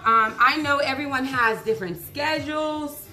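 A woman fitness instructor with a hoarse voice, chatting casually and upbeat to her viewers after a workout and drifting into preachy testimony. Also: high-pitched, normal speed, bright, forceful tone, reverberant, faint music behind.

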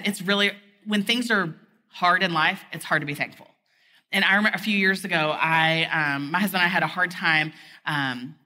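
A woman's voice: medium pitch, sharp tone. A woman giving a chatty, candid sermon at a conference, peppering her talk with "like". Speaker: conference speaker. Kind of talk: conversational sermon. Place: conference hall stage. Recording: long reverb of a large hall.

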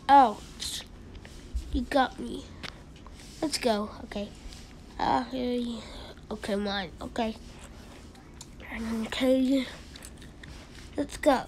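A woman voicing all the cats in a playful homemade cartoon, excitable, with frequent shrieks and silly sound effects. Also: a little high, extremely slow, long pauses, slight background noise. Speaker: amateur animator voicing all characters.

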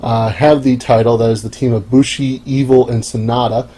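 A young man hosts a solo podcast in a loose, offhand way, dropping wry asides between pauses. His voice is mellow and a touch husky, sitting at an ordinary middle pitch. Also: steady tone, poor audio. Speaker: podcast host. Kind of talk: casual solo podcast monologue.

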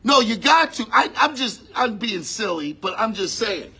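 A man preaching a sermon in a conversational way, breaking into shouts on key lines. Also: high voice, lively intonation, moderate pace.

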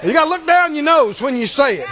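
A man's voice: extremely high pitch, fast, a crowd in the background. A man preaching a sermon as pastor, calling out to the congregation and acting out the voices of Bible characters. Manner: animated, calls out to the congregation, acts out Bible voices.

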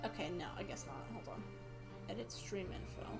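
A woman's voice: mid-range voice, a little fast, gravelly, loud music behind the voice. A woman streamer chatting casually while playing a game, reading text aloud and talking to herself. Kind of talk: casual gameplay commentary.

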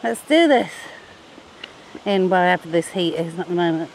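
A woman's voice: fairly low pitch, expressive, normal speed, darkish tone, slight background noise. An older woman vlogging casually as she scrambles through a rocky gorge outdoors, chatting to the camera as she goes. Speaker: travel vlogger. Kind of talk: casual hiking commentary.

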